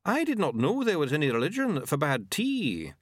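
A nervous, eager doctor, voiced by a male narrator, with a raised, bobbing pitch and a hopeful tone. A close, dry storybook reading. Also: huge pitch swings, a little fast, no echo.

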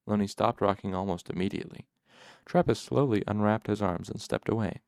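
A man reading a novel aloud as first-person narration, in a measured, even storytelling manner. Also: fairly low pitch, creaky, clean tone, dry recording, studio quality. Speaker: audiobook narrator.

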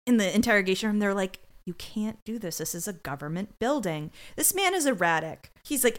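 A woman's voice: mid-range voice, lively intonation, fairly bright tone. A woman co-hosting a podcast, recapping an episode in a sarcastic, sweary way and briefly acting out the characters. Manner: sweary, sarcastic, acts out characters in quick voices. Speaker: podcast co-host. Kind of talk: casual comedic recap.

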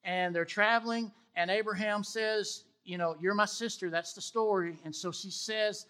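A man preaching a sermon, retelling scripture stories with animated, acted-out dialogue. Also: sits high, normal speed, few pauses, clean tone. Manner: animated storytelling, acts out the dialogue of the people he quotes. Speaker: pastor.

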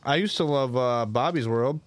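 A man's voice: medium pitch, moderate pace, soft background music. A man co-hosting a casual podcast, brash and foul-mouthed, telling stories with energy. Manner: brash, swears a lot, animated storyteller. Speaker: podcast co-host. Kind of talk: casual chat.

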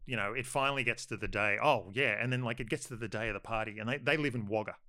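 Man, Australian accent, casual storytelling, rambling with fillers, bright tone, dry close sound. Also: mid-range voice, fast talker, no echo. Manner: rambling, animated storytelling full of "like". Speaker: filmmaker telling a story. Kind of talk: casual chat anecdote.

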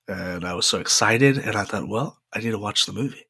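A young man tells a personal story in a loose, rambling way, dotting it with "uh" and "um". His voice sits a little low, and the recording is close and dry with no room sound. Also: a little fast, vocal fry, bright, forceful tone, breathy edge, no echo. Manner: chatty, rambling, frequent "uh" fillers. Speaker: podcast host. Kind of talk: casual solo storytelling.

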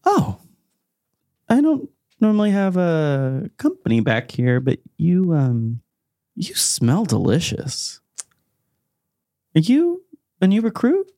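A man putting on a cult leader for a tabletop game, raising his voice into a lilting, high singsong. The tone swings widely, sweet on top with a gravelly creak underneath. He sounds falsely friendly and quietly menacing, recorded close and dry. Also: huge pitch swings, slow pace, pauses often, dry recording, heavily acted. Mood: cordial, probing. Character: eerie glowing-eyed male cult leader, smooth and menacing.

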